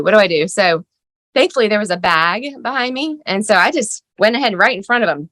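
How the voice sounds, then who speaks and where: A middle-aged woman telling the story of her son's crisis as a mother, shaken and halting, with many fillers. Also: on the low side, sharp tone, dry recording. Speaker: mother of a teen son. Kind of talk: emotional personal account.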